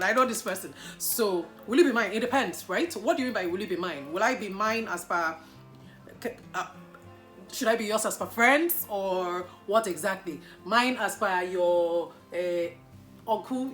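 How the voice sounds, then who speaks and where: Nigerian woman vlogger, lively and teasing, bright tone, soft music bed. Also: medium pitch. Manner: animated, playful, mock-indignant outbursts. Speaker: YouTuber answering viewer questions. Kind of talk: casual Q&A vlog.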